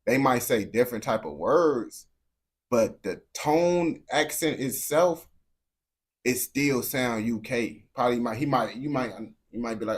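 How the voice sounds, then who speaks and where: A young American man holds forth to his live chat in a loose, unscripted rant. His speech is blunt and slangy, full of restarts, repeated words and a steady "bro". His pitch sits in an ordinary middle range. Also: measured pace. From United States. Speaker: streamer talking to chat. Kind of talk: casual unscripted rant to viewers.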